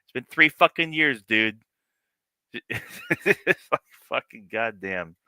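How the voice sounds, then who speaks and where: A man's voice: medium pitch, sing-song, slow, bright, forceful tone, no room sound. A man streaming live, reacting to a news clip with profane, sarcastic commentary and laughing asides. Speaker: livestream political commentator.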